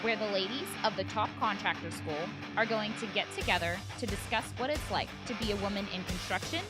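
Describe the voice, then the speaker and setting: A woman reads a scripted podcast introduction as an announcer, her delivery smooth and even. Clear background music plays under her voice. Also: mid-range voice, brisk. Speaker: show announcer. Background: music bed.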